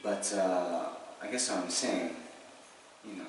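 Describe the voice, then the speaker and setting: A man's voice: deep voice, slow pace. A man giving a casual Buddhist dharma talk, chatty and joking, with many asides and fillers. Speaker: Buddhist teacher. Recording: very echoey hall, distant mic, noisy.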